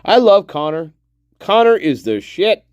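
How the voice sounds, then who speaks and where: A man's voice: high voice, very animated, unhurried, a little mellow, clean tone, no room sound, highs cut off. A man hosting a livestream, giving casual reaction commentary with jokes, swearing and frequent laughs. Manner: profane, joking, laughs often. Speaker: livestream host.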